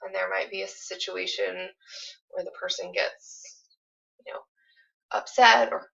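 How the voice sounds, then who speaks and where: A woman's voice: medium pitch, steady tone, unhurried, vocal fry, fairly bright tone. A woman explaining and demonstrating a therapy technique in a small apartment, speaking hesitantly with many fillers. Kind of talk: instructional explanation with role-play. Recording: distant, dull lo-fi recording.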